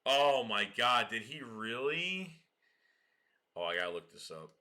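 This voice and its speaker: A man hosting a casual livestream, slangy and excitable, swearing and laughing often. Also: medium pitch, unhurried. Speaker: livestream host.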